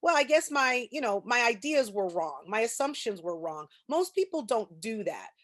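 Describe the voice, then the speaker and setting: Animated woman lecturing on a call. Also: on the high side, moderate pace. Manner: animated, explains with personal anecdotes. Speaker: presenter of a bias training. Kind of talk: conversational lecture. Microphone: video call.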